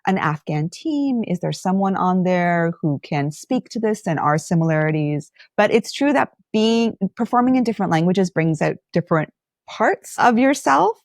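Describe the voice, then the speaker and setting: A woman's voice: lowish voice, moderate pace, dry recording, studio quality. A middle-aged woman from Lebanon, an actor and playwright, talking as a podcast guest and acting out the people she quotes. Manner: animated storyteller, acts out quotes. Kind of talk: podcast interview.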